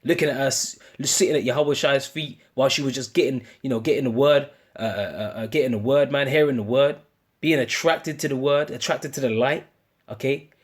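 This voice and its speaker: This man from the United Kingdom preaches a street-style sermon informally, in slangy British speech that often restarts and tacks "man" onto the end of phrases. He speaks fairly quickly in a mid-range voice.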